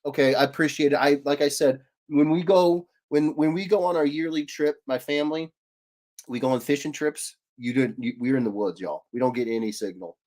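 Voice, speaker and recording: A man's voice: on the high side, a little fast, a little mellow. Male stream host in his 30s, rambling and jokey, reads chat aloud. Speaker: host of an art livestream. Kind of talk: casual livestream chat.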